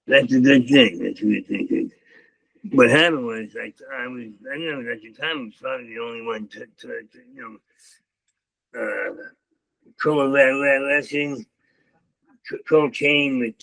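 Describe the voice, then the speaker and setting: An older male comedian tells stories as a guest in an interview, stammering heavily and repeating words. His mid-range voice is gravelly with a fairly bright tone, and the recording is dry and rough.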